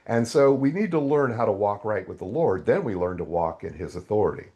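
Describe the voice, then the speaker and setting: A man's voice: on the low side, a little fast, dull audio. A man in his sixties, a guest author animatedly telling a story in a podcast interview. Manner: animated storytelling with quoted dialogue.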